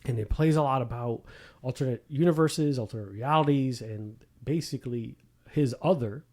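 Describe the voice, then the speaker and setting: Profane, animated male podcast host. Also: medium pitch, moderate pace. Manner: profane, animated storytelling with acted-out quotes. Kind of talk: casual chat.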